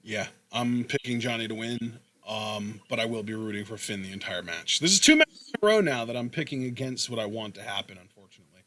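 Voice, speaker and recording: A man's voice: fairly low pitch, expressive, fairly quick, crowd noise. A young man hosting a podcast in casual chat, rambling through long questions. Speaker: podcast host.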